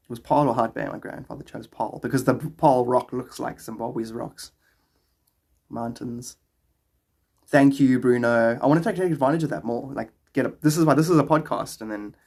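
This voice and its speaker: A South African man chats loosely on a livestream from home. He rambles and answers viewers' questions aloud in a gravelly, husky voice. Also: mid-range voice, darkish tone. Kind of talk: casual livestream chat.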